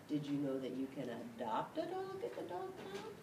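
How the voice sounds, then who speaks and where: A woman reading a dog's storybook aloud in the first person, expressive, with sudden shouts and yelps, recorded in an echoey room from a distance with a rumble behind. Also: normal speed. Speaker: storybook reader. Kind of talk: reading a picture book aloud.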